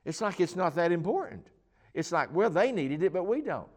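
A man's voice: sits high, big pitch swings, normal speed. A man teaching the Bible in an informal chat, talking in a rambling, emphatic way with many restarts and fillers.

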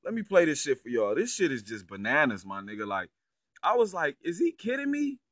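A man's voice: medium pitch, sing-song, fairly quick, a bit bright, dry recording, studio quality. A man giving casual, profane reaction commentary on a clip, incredulous and heavy on slang. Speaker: online commentator.

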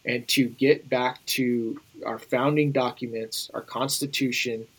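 A man's voice: mid-range voice, fairly even intonation, a little slow, poor audio. A man speaking as an interview guest, emphatic and urgent, talking straight to the viewers. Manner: emphatic and urging, addresses viewers directly. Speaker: guest, former Navy SEAL. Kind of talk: conversational interview.

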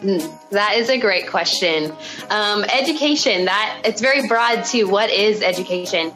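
A young woman with an Arkansas accent answers interview questions in an easy, friendly way, filling pauses with ums and small laughs. Her pitch sits in a middle range for a woman. Faint music plays under her voice. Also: rough recording. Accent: Arkansas Southern US. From Arkansas, United States. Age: 20s. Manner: friendly, chatty, frequent ums and soft laughs. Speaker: guest, third grade teacher.

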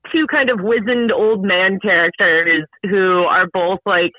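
A man co-hosting a casual podcast chat about a film, rambling and animated with lots of fillers. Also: sits high, unhurried, no echo. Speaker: podcast co-host. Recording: dull lo-fi, dry sound.

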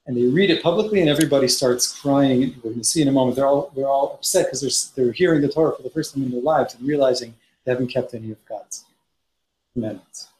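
A man's voice: mid-range voice, quick pace, darkish tone. A man teaching a Torah study class, reading Hebrew passages aloud and explaining them in English with frequent restarts. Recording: roomy echo, faint noise.

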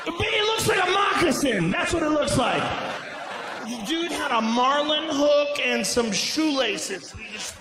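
A middle-aged man with a strikingly high voice delivers a stand-up routine, shouting and swearing his way through the story. He sounds like he is on a stage in a big venue, his voice bouncing around an echoey room. Audience noise rumbles clearly behind him. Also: lively intonation, measured pace. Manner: loud, profane, shouting storytelling. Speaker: stand-up comedian.

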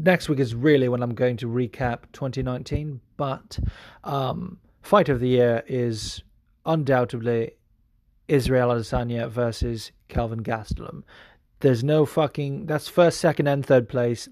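A man's voice: medium pitch, darkish tone, no echo, studio quality. A man hosting a podcast in casual chat, rambling with many fillers and swearing freely. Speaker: podcast host.

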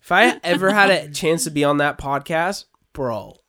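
A man's voice: a little high, sharp tone. A man chatting on a podcast, blunt and profane, often restarting his sentences. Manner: blunt, swears, halting restarts. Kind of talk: casual chat.

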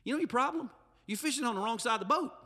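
A man's voice: very high voice, lively intonation, rapid-fire, sharp tone, in a large hall. A male pastor, preaching a humorous, emphatic sermon with asides to the congregation. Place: church sanctuary.

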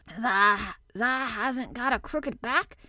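A woman doing a hoarse quavering old gardener. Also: fairly high pitch, slow, bright, forceful tone, dry recording, studio quality, heavily acted. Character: weepy hoarse old male gardener, gruff.

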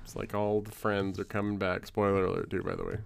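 A man's voice: deep voice, sing-song, brisk, creaky, dry recording. A man co-hosting a podcast in casual chat, making dry, sarcastic quips. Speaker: podcast co-host.

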